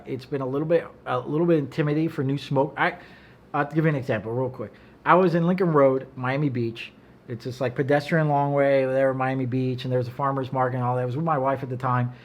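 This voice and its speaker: A middle-aged man, a cigar maker, talking in a casual chat as a guest, blunt and profane, telling stories with animation. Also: mid-range voice. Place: office.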